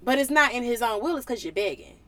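A woman gives a casual Bible lesson in a high, bright voice. Her pitch leaps around as she talks. She uses a lot of slang and keeps slipping into playful character voices. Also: animated, quick pace, no echo. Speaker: Bible teacher.

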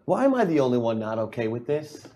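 A man's voice: medium pitch, sing-song, fast talker, mellow, a little hiss or hum. Wry, exasperated male player. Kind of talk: actual-play tabletop role-play.

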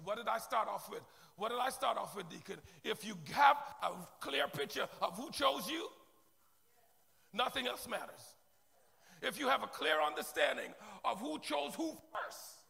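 A male pastor preaches with fiery, rising intensity, his voice set unusually high and heavy with a gravelly fry. His tone is bright and tense. The sermon rings out through a large reverberant church hall, with soft music underneath. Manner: impassioned preaching, rising to shouted worship. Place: church sanctuary.

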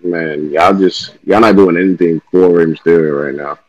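Young man, podcast co-host, casual chat, low voice, blunt and relaxed. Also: normal speed, no room sound, dull audio. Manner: laid-back, blunt opinions, laughs often.

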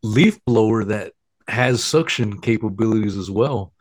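A man's voice: lowish voice, a little slow, dry recording. Laid-back laughing podcast guest man. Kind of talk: casual podcast chat.

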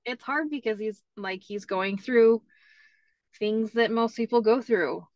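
A woman's voice: a little high, measured pace, no room sound, muffled recording. A woman guest telling family stories in a casual chat, leaning on "like" and "you know" as she talks. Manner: chatty, many "like" fillers. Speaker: interview guest.

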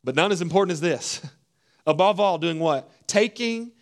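A man preaching a sermon, swinging from hushed, low phrases to loud, emphatic ones. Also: moderate pace. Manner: preaching with wide swings between hushed and loud, acting out voices. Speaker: pastor.

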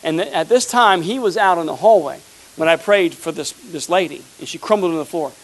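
High-pitched animated preaching man. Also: a little fast, rough recording. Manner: animated preaching, acts out quoted people. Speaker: pastor. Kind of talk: sermon. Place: church sanctuary.

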